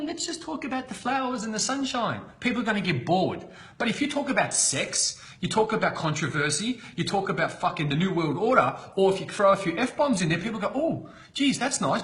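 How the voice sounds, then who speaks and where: A man giving an unscripted motivational talk on a live stream, blunt and excitable, swearing constantly. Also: high-pitched. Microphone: computer webcam.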